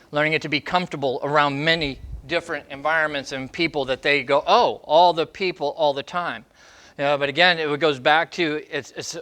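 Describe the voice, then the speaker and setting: A dog trainer fields questions on a show's Q&A advice segment, speaking emphatically and acting out training steps in short bursts. His voice is on the high side, bright and forceful.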